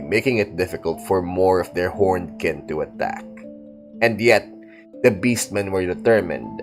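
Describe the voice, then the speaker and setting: A man narrating a fantasy audiobook in a steady, dramatic storytelling style. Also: deep voice. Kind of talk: audiobook reading of fantasy fiction.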